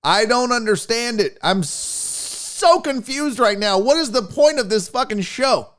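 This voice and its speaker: Guy hosting a podcast from home, swears a lot, rambles, kinda high voice that bounces all over. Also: measured pace. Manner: rambling, profane, animated, acts out silly voices. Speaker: sports podcast host. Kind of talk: casual live-stream chat. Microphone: podcast mixer setup.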